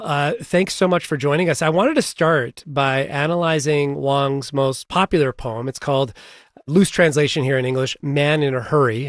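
A man interviewing a guest for a news program, asking measured, curious questions. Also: mid-range voice, no echo, clean studio sound. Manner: measured, inquisitive. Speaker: radio interviewer.

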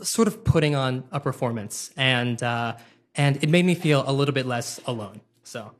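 A young man telling a funny personal story live, self-deprecating and quick-witted, with plenty of ums and uhs. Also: medium pitch, heavy background noise.

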